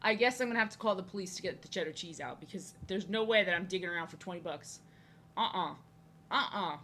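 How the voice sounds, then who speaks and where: Bright-voiced woman chatting while drawing. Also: on the low side, fast talker, slight background noise. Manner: rambling and playful, greets chat viewers; frequent stammered restarts. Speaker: art streamer. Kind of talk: casual live-stream chat while drawing.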